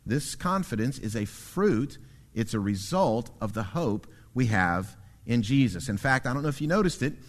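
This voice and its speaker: A male pastor delivering a sermon in an earnest, measured way, building points through emphatic repetition. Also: medium pitch, a bit bright.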